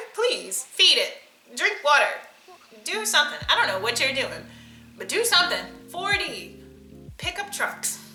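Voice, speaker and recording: A woman's voice: high voice, bright, forceful tone. A young woman, ranting bluntly and sarcastically through a casual list video. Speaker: vlogger. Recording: echoey room with faint music.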